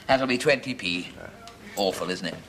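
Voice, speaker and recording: A man's voice: lowish voice, moderate pace, fairly bright tone, natural voice. An actor playing a fussy, chatty pub landlord in a 1970s sitcom, chattering and laughing at his own jokes. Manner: chattering, giggling, self-amused. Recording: studio audience laughter.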